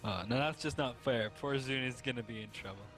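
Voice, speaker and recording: A man playing at a tabletop game, joking quietly in casual chat. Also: medium pitch, a little fast, over music. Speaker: player.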